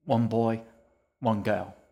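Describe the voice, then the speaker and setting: A man's voice: fairly low pitch, little pitch movement, takes it slowly, gravelly, mellow, highs cut off. A man doing a sullen, secretive boy. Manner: sullen, terse.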